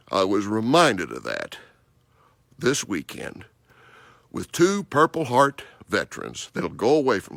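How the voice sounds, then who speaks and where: Animated low-voiced male hunting host. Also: vocal fry, dry recording, studio quality. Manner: animated, emphatic storyteller with frequent restarts. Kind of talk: storytelling monologue.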